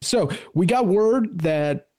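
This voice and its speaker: A man's voice: sits high, animated, slow pace, dark tone, dry recording, studio quality. A man co-hosting a podcast, reading announcements in a chatty, joking way over a video call. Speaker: podcast co-host.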